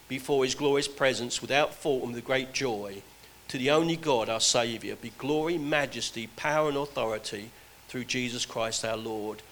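A man's voice: medium pitch, a bit bright, poor audio. A man preaching a sermon, earnest and exhorting, his voice rising and dropping for emphasis.

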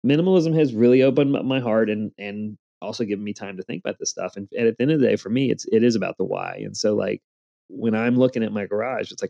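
Gravelly man in his forties. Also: on the low side, fast, mellow, muffled recording. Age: 40s. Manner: earnest storyteller, motivational. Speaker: podcast guest. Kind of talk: casual interview talk.

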